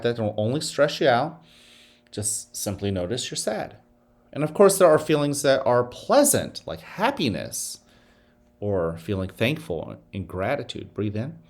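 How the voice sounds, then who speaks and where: A medium-pitched man acts as school principal for the morning announcements. He takes students through a guided breathing exercise in a slow, calming way.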